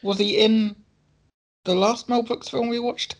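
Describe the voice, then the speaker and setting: Male podcast co-host, a bit high-pitched and gravelly, easygoing. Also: flat delivery, a little slow. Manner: laughs often, short replies. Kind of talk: casual chat.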